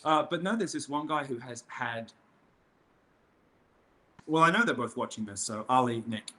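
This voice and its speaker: A man's voice: medium pitch, expressive, moderate pace, sharp tone. A man speaking as an interview guest in a casual conversation, rambling with frequent restarts and a mocking, provocative manner. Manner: rambling, with many restarts and fillers.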